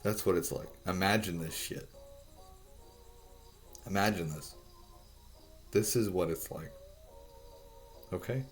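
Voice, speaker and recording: A man explaining a drawing in a rambling, halting way, swearing often and restarting his sentences. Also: deep voice, soft background music. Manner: profane, halting, full of restarts.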